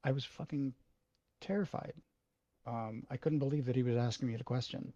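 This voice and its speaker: A man telling a personal story in a halting, emotional way, swearing freely. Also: medium pitch, steady tone, mellow, no room sound, dull audio. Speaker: video host.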